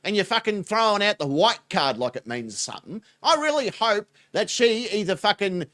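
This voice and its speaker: A man's voice: sits high, sing-song, normal speed, a bit bright. A man, giving crude, mocking reaction commentary and laughing often. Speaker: reaction channel host.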